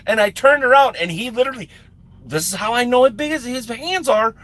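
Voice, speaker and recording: A man telling a long personal story on a live stream, excitable and often laughing, repeating and restarting his words and swearing casually. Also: extremely high pitch, fairly quick.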